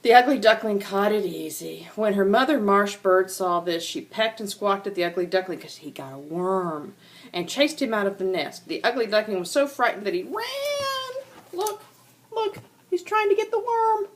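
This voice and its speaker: An older woman, a grandmother, reading a children's animal storybook aloud to her grandchildren with an animated, sing-song manner. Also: mid-range voice, normal speed.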